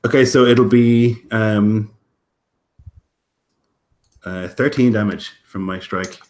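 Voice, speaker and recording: A man's voice: on the low side, slow, darkish tone. A man playing a tabletop game, casually describing his character's moves and dice rolls. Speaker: player.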